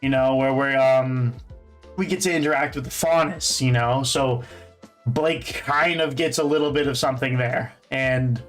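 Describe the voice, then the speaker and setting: A man's voice: mid-range voice, steady tone, moderate pace, a bit bright, faint music behind. A young man giving casual, rambling fan commentary on a show, full of fillers and restarts. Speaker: host.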